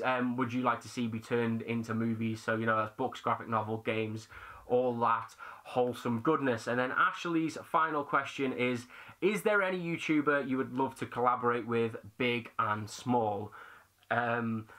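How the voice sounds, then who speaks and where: A man's voice: mid-range voice, bright, forceful tone. A young British man hosting a casual Q&A for his movie channel, chatty and self-deprecating with plenty of slang. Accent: British English. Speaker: YouTube movie channel host. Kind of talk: casual Q&A chat to camera.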